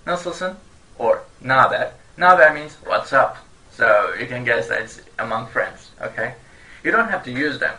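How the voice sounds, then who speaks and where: Man, native Turkish speaker, language teacher, very bright tense tone, laughs often, repeats phrases slowly. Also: medium pitch, animated, low-quality recording. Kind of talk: online language lesson.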